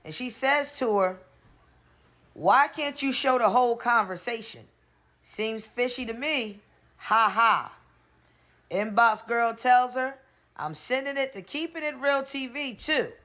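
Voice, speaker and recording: Woman doing gossip commentary, kinda high voice, blunt and sassy, laughs a lot. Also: measured pace, sharp tone. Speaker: gossip channel host.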